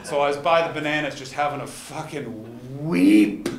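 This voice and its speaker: A man performing a stand-up comedy set live, moving between quiet somber storytelling and loud punchlines. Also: on the high side. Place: live comedy venue at a festival. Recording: roomy live venue with audience noise.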